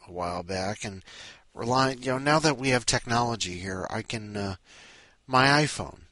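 A man's voice: fairly low pitch, normal speed, bright, forceful tone, no room sound. A man hosting a podcast in a rambling, sleepy way, full of restarts and asides. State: sleepy, up at five in the morning. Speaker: podcast host. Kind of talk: casual rambling chat.

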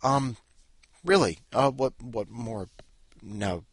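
A man's voice: mid-range voice, takes it slowly, slightly rough, no echo. A man hosting a podcast in a rambling, self-interrupting way with wry asides. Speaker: podcast host. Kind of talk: rambling casual chat.

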